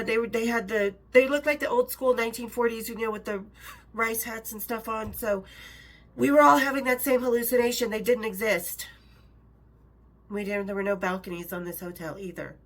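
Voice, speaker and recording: Fairly high-pitched and a little bright, a middle-aged author reads her memoir aloud. She interrupts herself repeatedly, chatting and laughing between passages.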